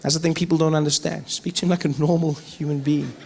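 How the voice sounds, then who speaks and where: A South African man doing stand-up comedy, telling animated stories on stage. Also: fairly high pitch, fast talker, creaky. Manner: animated, storytelling.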